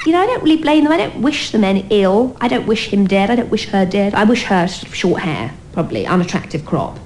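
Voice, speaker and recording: An actress playing a deluded female patient who rambles in a halting, wistful way. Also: mid-range voice, sing-song, darkish tone, slight background noise, close to an everyday voice, rough recording.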